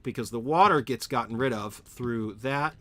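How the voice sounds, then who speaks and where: A man's voice: medium pitch, normal speed, sharp tone. A man thinking aloud while streaming a game at home, answering chat and often correcting himself. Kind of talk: live gameplay commentary, answering chat.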